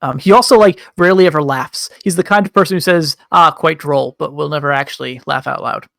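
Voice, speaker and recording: A man narrating a tabletop game as game master in a relaxed way, pausing often. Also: a little high, vocal fry, no echo, studio quality. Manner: relaxed, with frequent ums and pauses.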